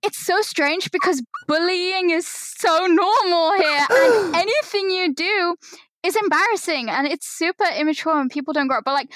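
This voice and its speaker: A woman's voice: high-pitched, no room sound. A young woman from England with a London accent, a podcast guest telling stories in casual chat, laughing often. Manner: animated storytelling, laughs often.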